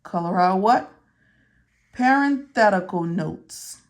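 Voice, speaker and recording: Woman coding teacher, unhurried, keeps repeating words and quizzing then answering herself. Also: medium pitch, lively intonation. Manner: repeats key words, asks and answers own questions. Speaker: medical coding instructor. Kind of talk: step-by-step tutorial walkthrough.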